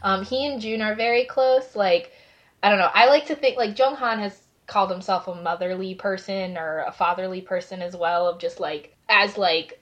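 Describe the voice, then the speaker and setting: A woman chatting casually as a podcast co-host, talking fast with lots of filler words. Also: lowish voice. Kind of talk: casual fan chat.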